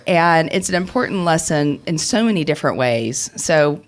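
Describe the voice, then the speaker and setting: A woman co-hosting a podcast, a lawyer telling a story from her family life. Her voice sits low with a gravelly fry running through it. She talks in an animated way, full of restarts and laughs. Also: normal speed, hardly any pauses. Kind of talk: casual storytelling chat.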